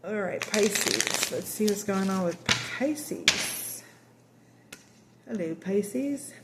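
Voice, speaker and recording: A woman's voice: mid-range voice, lively intonation, drawn-out words, very noisy. A woman giving a casual tarot reading, chatty and rambling, laughing often and acting out quoted voices. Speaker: tarot reader.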